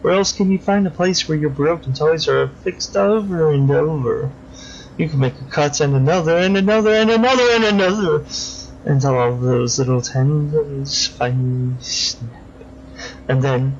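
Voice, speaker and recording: A man's voice: a little high, a little slow. A man voicing a gleeful, sadistic male villain in a video game, with a sing-song, purring menace, on a dull lo-fi recording with faint hiss. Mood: creepy gleeful.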